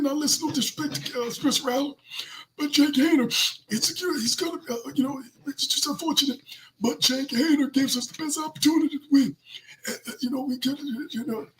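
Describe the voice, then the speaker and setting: A man's voice: very high voice, fairly bright tone, slight background noise, voice pushed up, rough recording. A man doing a mocking impression of a hesitant, rambling football head coach who stalls with "uh, you know" fillers.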